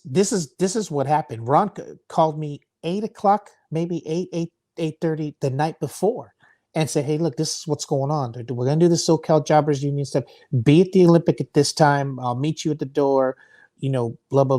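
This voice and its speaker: A man's voice: on the high side, brisk, warm tone. A man, a wrestling guest, telling a long story in an interview, laughing often and restarting words.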